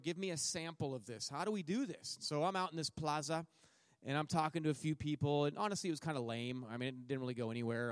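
This is a clean, dry studio recording of a middle-aged man with a medium-pitched, clear voice. He addresses a church as a missionary, giving a testimony in sermon form as a joking storyteller who performs his own lines and other people's.

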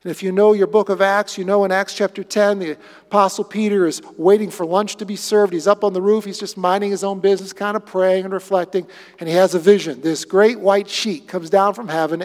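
High-voiced animated pastor in a hall. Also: male voice, fairly quick. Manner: animated, swings from excited to hushed. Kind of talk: sermon. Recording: echoey hall.

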